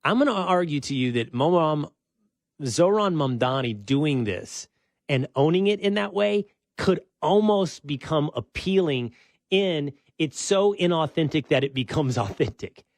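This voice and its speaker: Man, talk show host, conversational debate, fairly high voice, dry studio. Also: unhurried, dry recording. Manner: conversational, argumentative, animated when making a point. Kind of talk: opinion talk show discussion.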